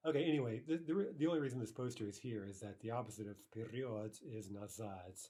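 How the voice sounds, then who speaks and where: A man with a low voice teaching a language lesson. He explains grammar in a patient, step-by-step way, often checks in with "right?" and slows down to repeat example phrases carefully. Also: mellow, breathy edge. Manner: explanatory, frequent "right?" checks, slow careful Russian repetitions.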